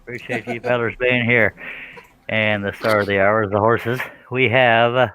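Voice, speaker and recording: A man's voice: medium pitch, steady tone, normal speed, bright, forceful tone, a little hiss or hum. A man hosting a casual woodworking live stream, joking and bantering in a folksy way.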